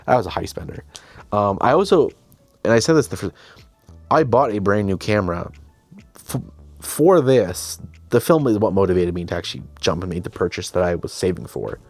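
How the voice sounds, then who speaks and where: A young man acting as host casually recounts a behind-the-scenes story in a chatty, self-deprecating way, frequently quoting himself and others. His voice sits low, with no echo.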